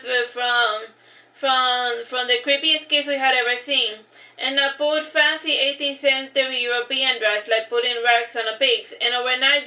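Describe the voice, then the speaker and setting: A woman's voice: sits high, sharp tone. A woman reading her own story aloud, stumbling and restarting lines as she goes. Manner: unpolished reading with frequent restarts and fillers. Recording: echoey, dull lo-fi livestream audio.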